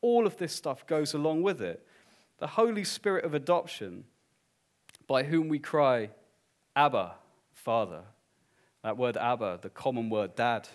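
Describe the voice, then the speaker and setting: A man preaching in a church, with a lively, widely moving pitch. He drops to a hushed, slow delivery at times, then rises into loud, emphatic declarations. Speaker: pastor. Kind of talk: sermon.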